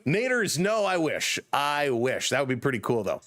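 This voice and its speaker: A man with a Canadian accent calling a baseball game live as a stream host, chatting with viewers between pitches. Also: sing-song, moderate pace, fairly bright tone, no echo. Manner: chatty, reads viewer chat and laughs often. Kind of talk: casual play-by-play commentary.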